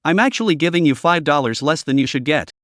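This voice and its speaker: A man's voice: fairly high pitch, lively intonation, quick pace, a bit bright, no echo, clean studio sound. A man voicing a greedy middle-aged male street vendor who haggles in a pushy, indignant way.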